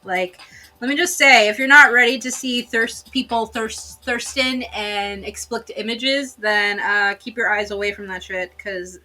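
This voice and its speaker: A woman's voice: on the high side, steady tone, measured pace, sharp tone. A woman chatting casually on a stream while drawing, swearing and rambling through asides. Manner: shrieks when shocked. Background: faint music.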